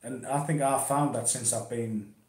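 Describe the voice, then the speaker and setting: A man's voice: mid-range voice, fairly even intonation, moderate pace, a little mellow, reverberant. A man chatting casually and laid-back about pipe smoking, swearing now and then, at home in his conservatory. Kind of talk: casual chat.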